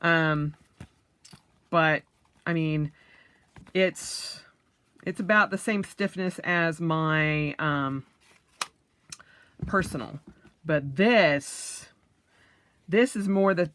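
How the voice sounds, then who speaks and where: A woman vlogger talks through an unboxing in a relaxed, chatty way. Her voice sits fairly low and she takes her time, with an easy, enthusiastic warmth. The sound is dry and close, with no room echo. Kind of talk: casual unboxing chat.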